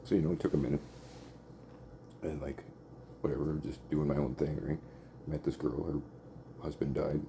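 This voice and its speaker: Gravelly deep-voiced man telling a story. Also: little pitch movement, moderate pace, long pauses, background noise. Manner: rambling, frequent "like" and "right?", profane. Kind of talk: casual storytelling.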